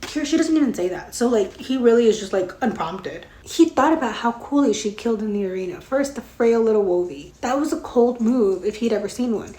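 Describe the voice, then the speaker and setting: A woman's voice: on the high side, expressive, brisk, hardly any pauses, dark tone. Chatty woman in an echoey room. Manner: chatty and profane, full of "like". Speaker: book reviewer. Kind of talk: casual book discussion with read-aloud passages. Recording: roomy echo.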